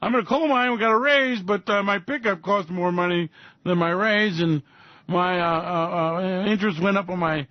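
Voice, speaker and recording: A man's voice: sits high, steady tone, normal speed, dry recording, voice pushed up, natural voice. A man voicing a disappointed working-class male coal miner who complains and rambles with hesitations. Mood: aggrieved. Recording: dull lo-fi audio.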